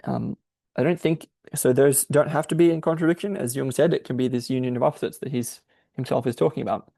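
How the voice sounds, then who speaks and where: Explaining a difficult text on his podcast, a man reasons aloud in an exploratory, explanatory manner, giving exegetical commentary. His mid-range voice is steady, creaky, and warm, and he talks quickly. The sound is dry.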